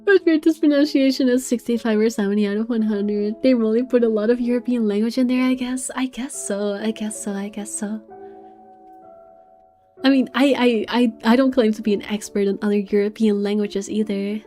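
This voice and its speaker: Giggly streamer woman, mellow voice. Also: a little high, steady tone, brisk. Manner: giggly, self-mocking asides. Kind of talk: casual commentary while playing. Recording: faint game music behind.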